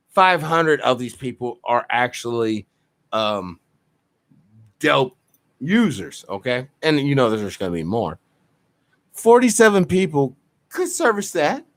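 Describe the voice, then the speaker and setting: A man's voice: sits high, sharp tone, dry recording, studio quality. A man hosting a show, reacting to a clip with angry, profane commentary. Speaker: show host.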